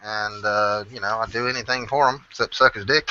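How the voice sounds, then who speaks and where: A man's voice: on the low side, fairly even intonation, brisk, sharp tone, slight background noise. A man telling a long story in casual chat, swearing freely and acting out what people said. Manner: profane, rambling, acts out quotes. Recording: dull lo-fi sound.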